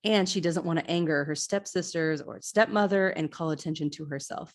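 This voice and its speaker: Lady podcaster gushing over an old movie, lowish voice, lots of oh my gosh energy. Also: brisk. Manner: chatty, excitable, laughing asides. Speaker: podcast host. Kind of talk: casual movie rewatch recap.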